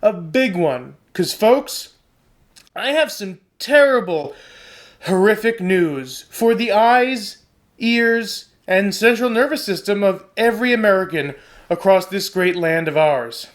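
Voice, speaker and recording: A man's voice: sits high, expressive, takes it slowly. A man hosting a satirical comedy show, delivering a sarcastic, mock-dramatic rant. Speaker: host.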